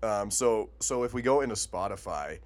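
A man's voice: fairly low pitch, animated, normal speed. A man with a Montana accent co-hosting a podcast in casual chat, joking and laughing often. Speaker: podcast co-host.

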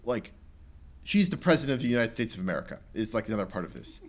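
A young man co-hosting a casual podcast, talking about a video game in an animated, rambling way with lots of filler and quick quoted bits. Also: on the low side. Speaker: podcast co-host.

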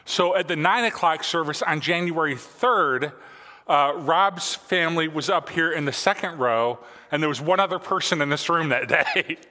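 A man's voice: a little high, moderate pace, sharp tone, long reverb tail. A man in his forties preaching a sermon in a church, telling stories casually with lots of fillers. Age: 40s. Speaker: pastor. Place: church sanctuary.

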